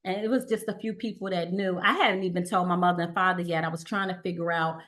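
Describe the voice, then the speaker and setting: A woman guest on an interview show, telling her personal story in a halting way with restarts and quoted dialogue. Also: fairly low pitch, fairly even intonation, fairly bright tone. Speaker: guest, cancer survivor.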